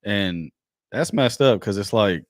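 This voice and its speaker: A man's voice: fairly low pitch, lively intonation, unhurried, no echo, studio quality. A man hosting a podcast, chatting casually and telling laid-back stories with plenty of swearing. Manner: laid-back, profane storytelling. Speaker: podcast host. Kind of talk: casual chat.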